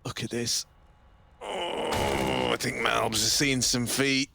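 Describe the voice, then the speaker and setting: A man's voice: medium pitch, slow, vocal fry, pushed and bright, dry recording. Chatty male esports analyst. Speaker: esports caster. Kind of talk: live color commentary.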